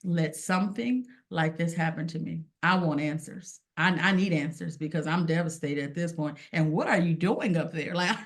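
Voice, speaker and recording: A woman guest on a podcast, telling her story in an earnest, animated way and acting out what people said. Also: low voice, moderate pace. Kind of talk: casual personal testimony.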